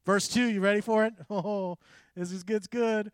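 A middle-aged man preaching a conversational sermon, animated and full of quoted asides. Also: high voice, moderate pace, no room sound, clean studio sound. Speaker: pastor.

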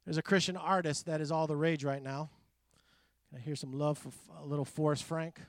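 A middle-aged man preaching a conversational sermon, animated and full of quoted asides. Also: fairly high pitch, fairly quick, vocal fry, no room sound, clean studio sound. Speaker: pastor.

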